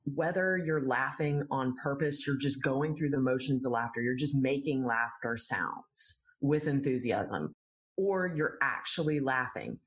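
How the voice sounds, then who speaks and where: Friendly woman laughter yoga teacher. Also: very deep voice. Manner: friendly, explanatory, laughs easily. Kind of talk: interview answers.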